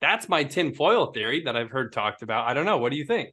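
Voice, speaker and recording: A man co-hosting a casual podcast discussion, talking in an animated, rambling way with lots of fillers. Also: mid-range voice, brisk. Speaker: podcast co-host.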